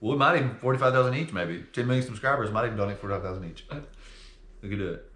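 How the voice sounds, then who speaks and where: A young man co-hosts a podcast in casual chat, his lowish, fairly bright voice racing along very fast in an echoey room. He laughs often and swears freely.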